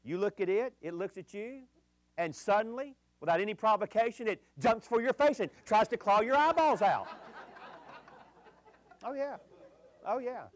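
Male pastor, higher voice, folksy storyteller with punchy pauses, close dry mic. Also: expressive, no room sound. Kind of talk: sermon.

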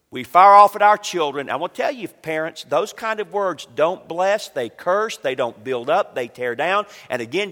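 A male pastor preaching a sermon, swinging from loud emphatic lines to quiet storytelling. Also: high voice, in a large hall.

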